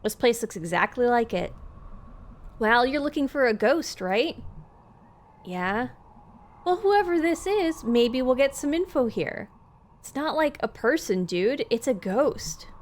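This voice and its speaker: A woman with a slightly high voice doing live let's play commentary. She reads game dialogue aloud and breaks off to chat with her viewers. Her voice is close on a desk mic in a home setup. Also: big pitch swings, measured pace. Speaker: streamer.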